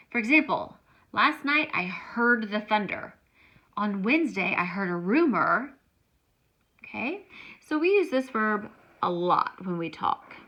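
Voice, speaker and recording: A woman's voice: medium pitch, bright, forceful tone, low-quality recording. A woman teaching a grammar lesson, explaining each step patiently. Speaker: Spanish teacher.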